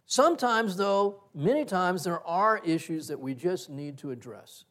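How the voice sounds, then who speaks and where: Male pastor, middle-aged, high-pitched voice, lively storytelling sermon. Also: unhurried. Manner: animated storyteller, acts out quoted exchanges with laughter. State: breathes through one side of nose. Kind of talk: sermon with personal stories.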